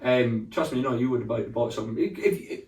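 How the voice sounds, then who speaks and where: A man's voice: medium pitch, quick pace, far from the mic. Man, rambling comic storyteller, roomy echo, off-mic. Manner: rambling storyteller, laughs a lot, shouts when mimicking. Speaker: podcast co-host. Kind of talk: casual comedic chat. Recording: roomy sound, speaking away from the mic.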